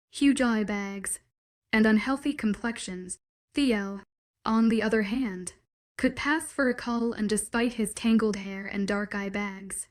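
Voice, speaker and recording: Brief: female audiobook narrator, soft and intimate, mid pitch. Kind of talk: first-person audiobook romance narration.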